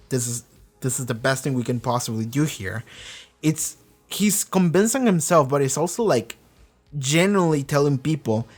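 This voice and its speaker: A young man, not a native English speaker, talks through a TV episode in a loose, animated reaction style, swearing freely and acting out characters' lines. His pitch sits in a middle range. Faint music plays underneath. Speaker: reaction video host. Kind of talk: casual reaction and review.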